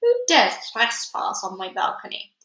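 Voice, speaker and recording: A woman's voice: a little high, wildly swooping pitch, unhurried, a bit bright, exaggerated voice. A woman voicing a cruel, imperious female witch who snaps out commands, heard in an echoey room. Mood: snappish. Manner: snapping, commanding. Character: evil imperious female Grand High Witch, cruel and snappish.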